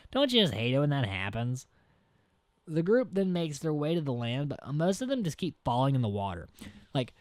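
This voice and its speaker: A man's voice: mid-range voice, darkish tone, no echo. A man hosting a podcast, recapping a movie in a casual, rambling way, swearing freely and chuckling as he goes. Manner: rambling and profane, heavy use of "like"; chuckles through the retelling. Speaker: podcast host.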